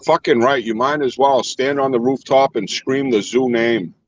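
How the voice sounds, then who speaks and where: A man with a New England accent, calling in while driving, rambling and swearing in a loud, rowdy way. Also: mid-range voice, fairly even intonation, moderate pace, dry recording. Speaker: regular caller. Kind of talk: casual chat while driving. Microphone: phone. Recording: lo-fi phone audio.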